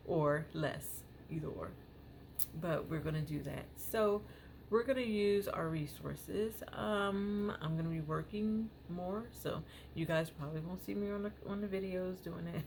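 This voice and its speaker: Low gravelly-voiced woman chatting casually. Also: measured pace, darkish tone, slight background noise. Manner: rambling, filler-heavy, many "you know"s. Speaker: parent vlogger. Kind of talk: casual chat to camera.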